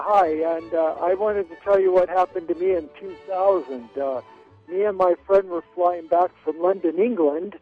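This caller from Wyoming, USA, phones a radio program to share a travel tale, eagerly performing each quoted line. His pitch runs fairly high, the tinny phone audio carries no echo.

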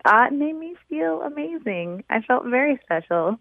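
A woman's voice: high voice, big pitch swings, moderate pace, dry recording. A woman calling a radio show, bubbly and chatty, full of "like" and "um", heard over a phone line. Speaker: caller. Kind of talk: phone-in chat.

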